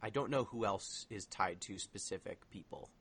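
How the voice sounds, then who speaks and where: A man's voice: on the low side, moderate pace, fairly bright tone, breathy edge. A man co-hosting a casual podcast chat, explaining things at length with lots of filler words. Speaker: podcast co-host.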